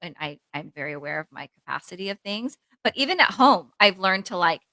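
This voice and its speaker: A woman therapist co-hosting a casual podcast chat, talking in an animated, rambling way with lots of "like" and acting out her own inner voice. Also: on the low side, a little fast, no room sound, rough recording. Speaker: therapist co-host.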